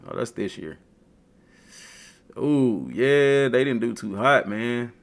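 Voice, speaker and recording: A man chatting casually and trash-talking as a gaming streamer. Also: on the low side. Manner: animated, trash-talking, slangy. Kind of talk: casual chat while browsing a game.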